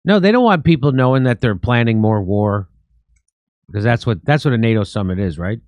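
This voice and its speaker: Ranting American comedy host, dry sound. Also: male voice, mid-range voice, brisk, no echo. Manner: sarcastic, ranting, animated. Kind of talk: casual comedic commentary.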